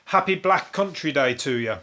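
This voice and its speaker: A man's voice: fairly high pitch, normal speed. Chatty Brummie man, rambling comic host. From Birmingham, England. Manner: rambling, chuckling, swears freely, dry deadpan asides. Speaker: comedy podcast host. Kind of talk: casual topical comedy monologue.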